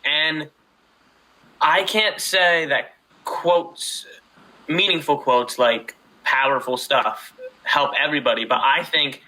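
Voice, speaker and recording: A young man co-hosting a casual podcast and talking in a lively, expressive way. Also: a little high, slow pace, low-quality recording. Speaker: podcast co-host. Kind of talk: casual chat.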